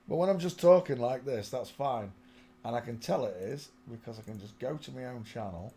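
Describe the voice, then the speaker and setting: A man's voice: mid-range voice, expressive, fairly quick, mellow. A man hosting his own live stream, muttering to himself, talking to the viewers and now and then singing a line of a song, on a small desk microphone at home. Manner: muttering, sings snatches of a song. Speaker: channel host.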